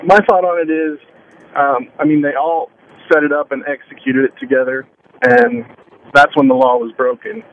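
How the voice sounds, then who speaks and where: A man's voice: a little high, flat delivery, normal speed. A man calling into a talk radio show to give his view. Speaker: caller. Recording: dull phone line with faint noise.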